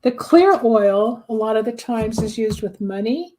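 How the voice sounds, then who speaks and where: A woman host with a slightly high voice talks in a loose, chatty way. She explains things through homely examples. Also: expressive, a little slow, dark tone, a little hiss or hum. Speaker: host, candle magic practitioner. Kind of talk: casual talk show chat.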